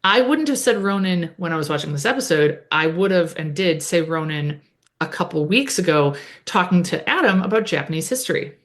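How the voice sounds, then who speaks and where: A woman's voice: lowish voice, animated, a little fast. A woman co-hosting a podcast, recapping an episode in casual chat with lots of "like" and "um". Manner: chatty, many "like" and "um" fillers.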